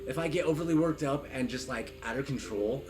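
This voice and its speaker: Over game music, a man from Arizona chats casually on a live stream next to the host, wandering off on long tangents. His voice is medium-pitched and brisk, and the audio quality is poor.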